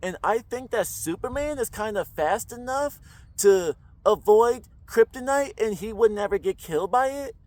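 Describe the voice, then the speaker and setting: A man's voice: high-pitched, animated, normal speed, a little mellow, no echo, voice pushed up. A man doing a hesitant uptalker, every line a question. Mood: unsure. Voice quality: uptalk, rising sentence ends. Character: unsure man ending every sentence like a question.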